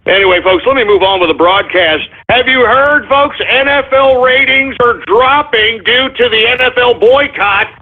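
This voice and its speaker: Playing a foul-mouthed, blustering Texan radio host, this man speaks at a moderate pace with few pauses in a very high-pitched voice. The parody rant is full of cursing, stumbling over words and drunk-sounding bravado, and it comes through with a tinny, phone-like radio quality.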